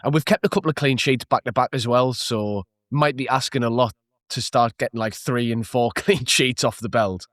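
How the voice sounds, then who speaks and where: A man co-hosts a casual football podcast over a remote call, hesitating a lot, laughing easily and using many fillers. His voice is medium-pitched, moderately paced and a bit bright, with a dry, studio-quality sound.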